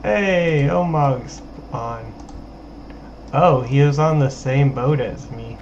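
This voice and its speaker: A man chatting casually with friends during a game, relaxed and quick to laugh. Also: mid-range voice, muffled recording, slight background noise. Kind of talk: casual chat while gaming.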